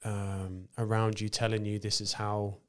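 Male host, low even delivery, thoughtful and halting. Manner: thoughtful, hesitant with fillers and repeats. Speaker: podcast host. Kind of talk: casual conversation.

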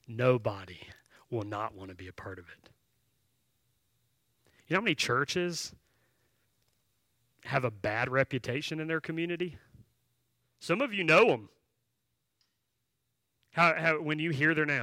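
A man's voice: on the high side, lively intonation, a little slow, pauses often, pushed and bright, no echo. A man preaching a sermon, telling a story in a conversational way and then making direct, emphatic appeals to the congregation. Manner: conversational, with filler words and restarts while telling a story. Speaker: pastor.

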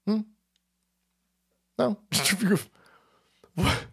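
A man hosting a stream, delivering a loud, profane, mocking political rant. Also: on the high side, big pitch swings, a little fast. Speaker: streamer host. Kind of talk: ranting political commentary stream.

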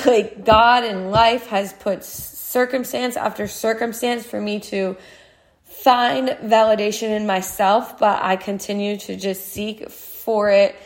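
A woman in her twenties hosts a podcast, talking through her feelings in a casual, candid, heartfelt monologue full of "like." Her voice is medium-pitched with fairly even intonation, and she speaks slowly.

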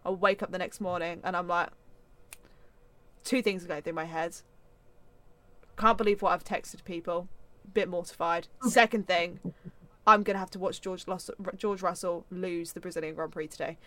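Excitable young woman telling a story. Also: fairly low pitch, moderate pace, long pauses, dry recording. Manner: excitable storyteller, swears freely, acts out her own reactions. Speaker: podcast co-host. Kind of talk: casual chat.

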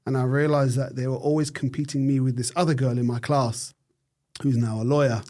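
Speaking with a mid-range, darkish voice and flat delivery, a middle-aged British neurosurgeon tells his story as an interview guest. He pauses thoughtfully and frequently starts over.

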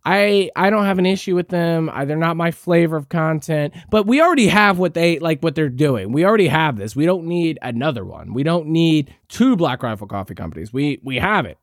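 A man's voice: a little high, animated, brisk, few pauses, dry recording, studio quality. A man hosting a podcast, ranting sarcastically with lots of swearing and restarts. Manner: profane, rambling, sarcastic; frequent restarts and fillers. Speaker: podcast host. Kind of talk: ranting commentary.

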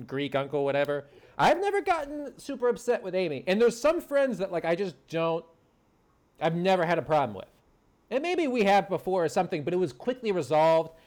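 A man in casual chat as a podcast guest, animated and quick to get riled up. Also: on the high side, smooth.

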